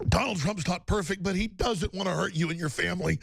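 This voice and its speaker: Gravelly ranting talk radio man. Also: high-pitched, fairly quick, hardly any pauses, dry recording, clean studio sound. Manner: impassioned, shouting, emotional tirade. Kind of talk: ranting talk show monologue.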